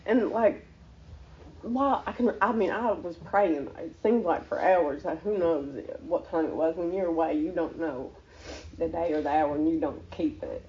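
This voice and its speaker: Earnest woman giving a lo-fi faith testimony. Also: deep voice. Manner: earnest, halting, emotional. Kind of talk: personal testimony.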